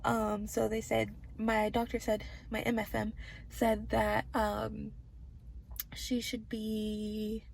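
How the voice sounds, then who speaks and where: A woman vlogging from a hospital room as a pregnancy vlogger, chatting to camera in a bubbly, gushing, excitable way. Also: on the high side, takes it slowly, gravelly, a little hiss or hum. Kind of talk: casual chat to camera.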